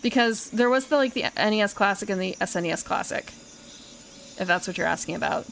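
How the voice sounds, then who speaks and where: A woman's voice: medium pitch, lively intonation, quick pace, vocal fry, fairly bright tone, rough recording. A young woman streamer chats over her game in a mid-range voice, rambling and self-correcting as she goes. She talks loosely and informally, swearing now and then, with a faint bed of background noise under the mic. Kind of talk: casual game commentary.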